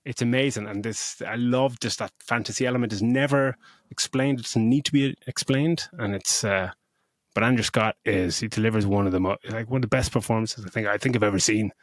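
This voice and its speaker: Excitable man with a dry, close sound. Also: lowish voice, fairly quick, dry recording. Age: middle-aged. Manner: enthusiastic, swears freely, full of restarts; emotional when retelling scenes. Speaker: podcast co-host. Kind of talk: casual film review chat.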